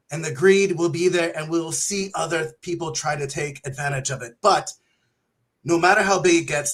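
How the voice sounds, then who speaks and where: Theatrical high-voiced man. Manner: theatrical, playing up a put-on accent. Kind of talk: casual video chat.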